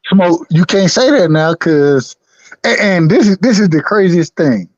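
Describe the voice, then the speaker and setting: A man with a high voice talks in slangy, repeating casual chat about boxing. His sound is dry and a bit dull, with little room tone. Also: unhurried, no room sound. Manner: animated, slangy, repeats himself. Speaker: podcast co-host.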